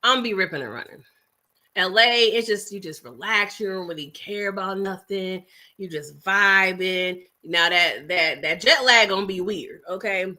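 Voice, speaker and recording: A bright-voiced woman from New York City hosts a casual livestream, reading out viewer chat at medium pitch and a normal speed. She's chatty and animated, laughing often, tossing asides to her audience, and snacking as she talks.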